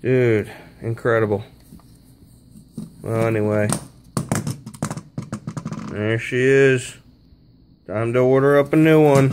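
A man's voice: mid-range voice, fairly even intonation, slow pace, long pauses, a little mellow, slight background noise. A man filming himself while he works on a car, talking casually, swearing and straining as he goes. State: strained from physical effort. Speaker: DIY car repair vlogger. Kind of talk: casual talk while working.

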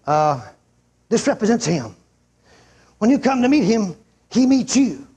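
An older man preaching a revival sermon to a large church crowd, telling stories emphatically and shouting out the lines he quotes. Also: high-pitched, slightly rough. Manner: emphatic, shouts out quotes, acts out a healed man's yells.

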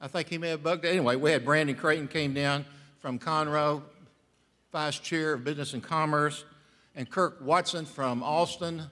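A man's voice: on the high side, fairly even intonation, moderate pace, bright, forceful tone. A man, a state senator, introducing colleagues in a folksy, conversational way. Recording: long hall reverb.

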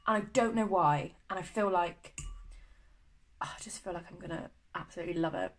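A woman's voice: lowish voice, normal speed, poor audio. A young woman from the UK chatting to camera in a vlog, gushing and full of fillers. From United Kingdom. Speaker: vlogger. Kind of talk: casual chat to camera.

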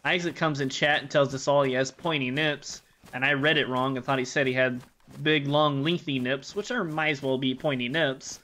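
A man's voice: medium pitch, fairly even intonation, moderate pace, sharp tone. A man from the United States, a game streamer chatting casually with his live chat while he plays, joking and rambling.

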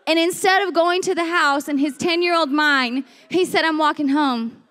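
A young woman giving a chatty, animated sermon, telling a story and acting out the voices in it. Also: very high voice, moderate pace, hardly any pauses, in a large hall. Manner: lively, chatty, acts out voices in her story. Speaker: speaker at a women's church series.

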